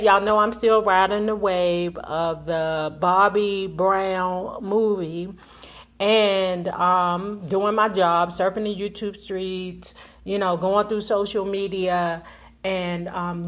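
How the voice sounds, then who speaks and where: A chatty woman hosting her own commentary channel, talking straight to her viewers. Her words come out slightly slurred because of a retainer in her mouth. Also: on the low side. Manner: chatty, addresses viewers as y'all. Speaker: YouTube commentary host. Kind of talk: casual chat.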